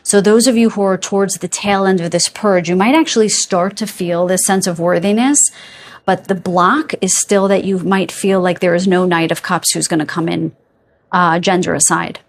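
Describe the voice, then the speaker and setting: Speaking at a normal pace in a lowish, fairly even voice, a woman gives her viewers a casual tarot reading. She chats with lots of asides, yawns and laughs along the way, and keeps checking in with "okay?" and "you guys."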